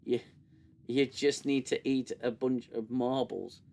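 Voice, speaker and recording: A man's voice: mid-range voice, steady tone, takes it slowly, creaky, darkish tone. A British man hosting a casual livestream and reviewing a show, rambling with many fillers and restarts into a desk mic. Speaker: livestream host.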